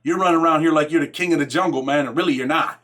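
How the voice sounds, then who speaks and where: Speaking very fast in a slightly high, somewhat bright voice, a middle-aged Rochester, New York man recounts a jailhouse story for his podcast. It's a relaxed storytelling monologue in street slang, full of "man" and "right?", with him performing other people's dialogue.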